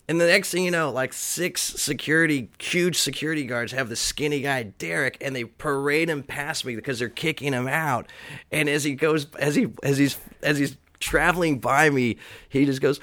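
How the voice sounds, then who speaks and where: A man telling a long, rambling story in casual chat, animated and cursing often. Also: fairly high pitch, moderate pace, dry recording. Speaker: guest musician. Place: Austin area.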